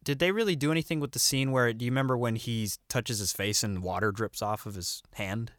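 A man in a casual fan discussion, talking in a hesitant, halting way and often restarting his sentences. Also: mid-range voice, a bit bright, dry recording, clean studio sound.

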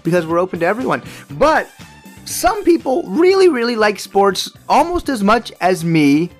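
A podcast host delivering an opinionated sports monologue in an emphatic, ranting way, with loud, high jumps on stressed words. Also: big pitch swings, moderate pace, faint music behind.

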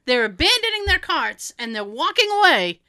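A woman chatting casually and telling an everyday story, acting out quoted dialogue in lively voices. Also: sits high, moderate pace, dry recording, studio quality.

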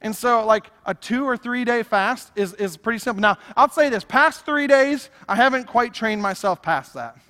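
Man, pastor, lively conversational sermon, high bright voice, long reverb of a church hall. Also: moderate pace, few pauses. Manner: animated, conversational preaching with acted-out asides.

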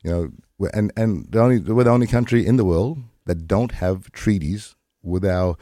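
A man with an Australian accent giving a passionate interview, full of quick restarts and dry humor. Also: deep voice, dark tone, no echo. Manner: fast, repetitive restarts, wry humor. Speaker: guest.

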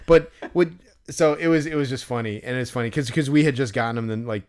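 A young man co-hosting a podcast, telling a story in a casual, animated way with many fillers. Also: quick pace. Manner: animated storyteller, acts out others in loud high voices. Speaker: podcast co-host. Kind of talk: casual chat.

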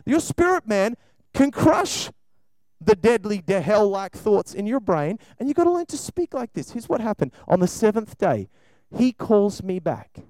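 A man preaching an animated sermon to children and a congregation, acting out voices as he goes. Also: high voice, measured pace, dry recording, rough recording. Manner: animated, acts out voices, shifts between loud and soft.

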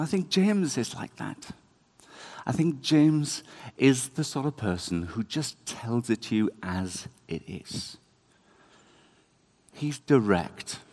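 A man giving a conversational, animated sermon in a church. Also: on the low side. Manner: conversational, animated, self-deprecating. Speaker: preacher.

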